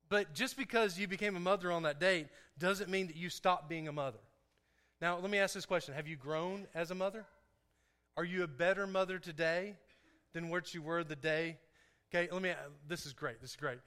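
A pastor with a high, pushed, bright yet smooth male voice preaches a sermon in a church sanctuary. He is playful and chatty with his congregation and laughs often, and the recording sounds like an echoey hall.

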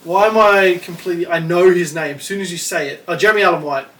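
Aussie bloke chatting on a podcast, high voice, sits off from the mic, easygoing and sweary. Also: male voice, fast, a bit bright, recorded from a distance, slight background noise. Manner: laid-back, swears, rambling anecdotes. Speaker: podcast co-host. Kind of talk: casual chat.

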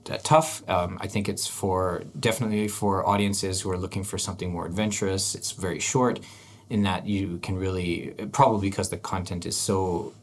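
A man's voice: low-pitched, steady tone, normal speed. A man hosting an arts podcast, chatting casually and thinking aloud with frequent restarts. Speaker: podcast host. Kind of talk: casual chat.

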